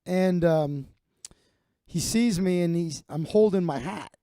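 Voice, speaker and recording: A man's voice: high-pitched, takes it slowly, mellow, no echo. A man in his forties, a comedian host telling a rambling, profane story full of fillers and restarts. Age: 40s.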